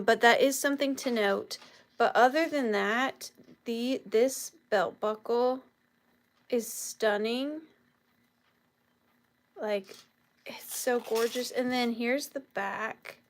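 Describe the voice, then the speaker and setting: A woman's voice: fairly high pitch, fairly even intonation, slow, long pauses, low-quality recording. A woman with a Southern US accent hosting a live vintage and antiques sale from home, chatty and gushing, greeting viewers by name.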